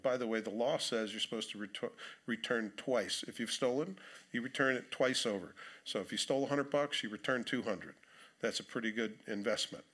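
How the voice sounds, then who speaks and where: Male pastor, medium pitch, crisp and bright, conversational church sermon with wry humor. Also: a little fast. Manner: conversational preaching with dry humor asides. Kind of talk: sermon with scripture reading. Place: church sanctuary.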